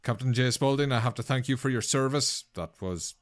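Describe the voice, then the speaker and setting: A man's voice: mid-range voice, brisk. A man hosting a podcast in casual, jokey chat, swearing freely and laughing often. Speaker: podcast host.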